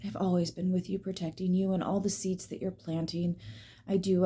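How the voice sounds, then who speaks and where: A woman giving a tarot reading, emphatic and swearing, dropping now and then into soft whispers. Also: lowish voice, little pitch movement, moderate pace, husky. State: teary at times. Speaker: tarot reader.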